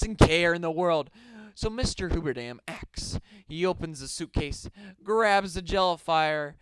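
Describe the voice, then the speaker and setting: A man's voice: fairly high pitch, a bit bright, clean tone, no echo, poor audio. A young man reading out a silly story with mock drama and rambling asides.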